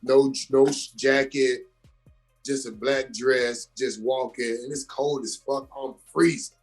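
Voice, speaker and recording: A young adult man from Georgia in the US, an actor and comedian guest telling his story with animated emphasis in a casual interview. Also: medium pitch, takes it slowly, soft background music.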